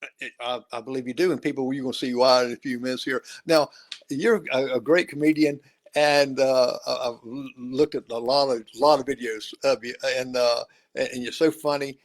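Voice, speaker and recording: Stammering country host. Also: male voice, mid-range voice, fairly even intonation. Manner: halting, stammering, with many restarts and fillers. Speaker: talk show host. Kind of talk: casual interview chat.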